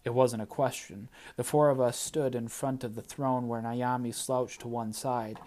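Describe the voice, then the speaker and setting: A man's voice: mid-range voice, normal speed. Male narrator reading a first-person story. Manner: steady, plain storytelling. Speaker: audiobook narrator.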